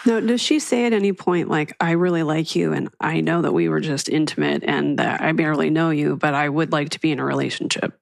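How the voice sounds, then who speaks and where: A woman's voice: low-pitched, brisk, gravelly, hardly any pauses, dry recording. A woman hosting an interview podcast and putting pointed questions to her guest. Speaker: podcast host.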